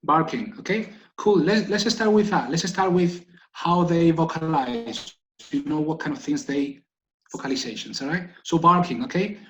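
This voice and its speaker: A man with a slightly high voice runs a casual online session for volunteers, and he keeps checking in with the group as he explains things. The sound is a little dull, as it often is on a video call. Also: moderate pace. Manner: chatty, keeps checking in with "okay?". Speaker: guide dog trainer leading online volunteer meeting.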